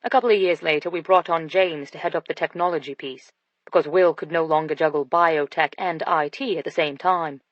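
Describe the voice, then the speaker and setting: A woman reading an audiobook, voicing a confident, flirtatious British businessman with a low, teasing delivery. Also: fairly even intonation, fairly quick, no echo, close to an everyday voice. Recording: dull dry studio sound.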